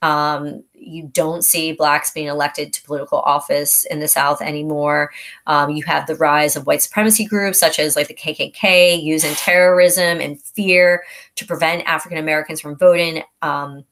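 A woman teacher giving a relaxed exam review, talking through events like a story and now and then acting out short quotes. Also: low voice, normal speed. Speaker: history teacher. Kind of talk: casual exam review lesson.

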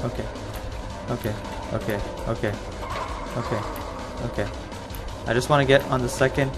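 A man commentating his own gameplay, talking excitedly to the game and his audience and swearing freely. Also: mid-range voice, moderate pace. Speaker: let's play gamer. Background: game music.

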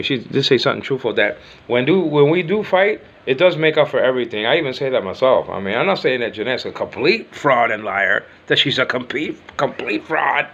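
A man's voice: medium pitch, a bit bright, muffled recording. An older man whose first language is Spanish, chatting casually in a home vlog, rambling and repeating himself, teasing and affectionate. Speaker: vlogger.

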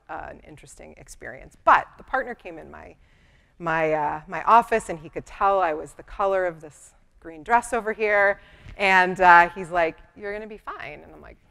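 A middle-aged woman attorney giving a lively, conversational conference talk, acting out bits of dialogue. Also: medium pitch. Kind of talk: conference presentation. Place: conference room.

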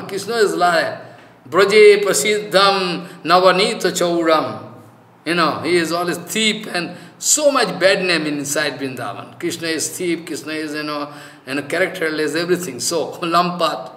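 A man preaches a devotional talk in a high, bright voice. He speaks loose, informal English, scattering "you know" through his sentences and repeating his key points for emphasis. The room around him rings with echo. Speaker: spiritual teacher. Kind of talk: devotional scripture discourse.

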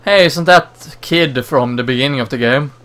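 A man's voice: mid-range voice, moderate pace, a bit bright. A man casually commenting on his gameplay in a chatty way, reading dialogue aloud in voices. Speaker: let's play host.

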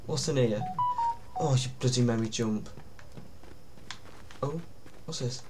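A man's voice: medium pitch, slow, background noise. A man giving nervous, jumpy commentary while playing a horror game. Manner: jumpy, nervous, often pleading to himself. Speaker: gaming YouTuber.

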